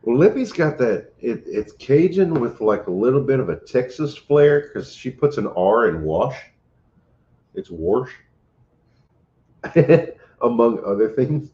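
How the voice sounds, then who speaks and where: A man's voice: mid-range voice, very animated, a little slow, mellow. A man with a Southwest Louisiana accent co-hosting a casual livestream, chatting and reading out viewer comments. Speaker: livestream co-host. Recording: roomy, dull home livestream audio.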